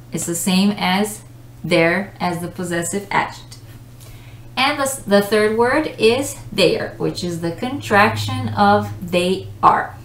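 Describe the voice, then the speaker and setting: A woman teaching an English pronunciation lesson, explaining patiently with examples. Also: medium pitch. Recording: echoey room.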